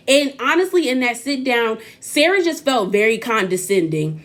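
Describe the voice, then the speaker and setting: A sassy young woman talks through a reality show episode in loose, casual chat, slipping into what each person said. Her voice sits a little on the high side, and she is quick to give her own take. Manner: sassy, animated, acts out quotes. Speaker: reality TV recap vlogger.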